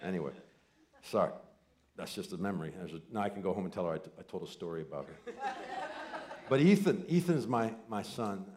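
A man in his forties preaching a sermon, telling family stories with quoted voices and swinging from loud excited bursts to soft, near-whispered lines. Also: deep voice, fairly quick, long pauses. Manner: animated storytelling with quoted voices and asides. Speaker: pastor.

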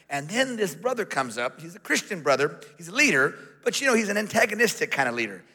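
Fiery, bright-voiced man preaching. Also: sits high, sing-song, fast talker, hardly any pauses. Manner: storytelling, dramatic swings from hushed to shouting. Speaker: pastor. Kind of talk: sermon. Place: large church hall. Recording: long hall reverb.

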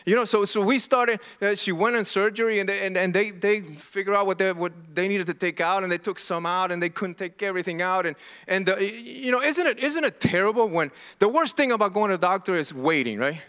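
A man's voice: high voice, a little fast, few pauses, a bit bright, clear, resonant tone. A middle-aged man preaching a sermon as pastor, earnest and impassioned, often restarting and repeating himself.

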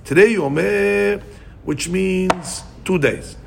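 Gravelly man teaching a Talmud class. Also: sits high, slow pace, a little hiss or hum. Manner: animated, thinks aloud with many restarts; mixes Hebrew and Aramaic terms into English.

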